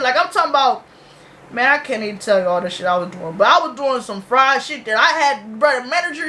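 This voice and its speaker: High, bright-voiced young woman ranting casually. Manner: loose, profane slang-heavy storytelling. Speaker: reaction video host. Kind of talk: casual reaction vlog.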